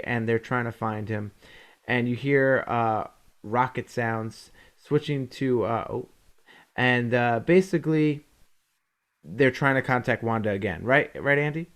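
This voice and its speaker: A man in casual podcast chat, recapping episodes in a loose, rambling way. His voice sits at a middle pitch for a man. He slips into quick put-on voices when quoting scenes. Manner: rambling, acts out quotes from the show. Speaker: podcast co-host.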